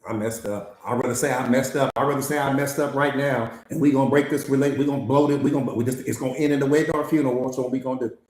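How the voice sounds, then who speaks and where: This man speaks rapid-fire in a darkish, mid-range voice with fairly even intonation and hardly any pauses. Leading a live-streamed motivational master class on mindset, he is emphatic, repetitive and slangy, peppering listeners with rhetorical questions, and the room echoes.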